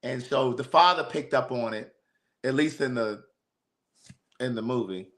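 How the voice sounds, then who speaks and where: A man hosting a podcast, chatting casually with blunt, animated talk and free swearing. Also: medium pitch, measured pace. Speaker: podcast host. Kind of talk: casual chat.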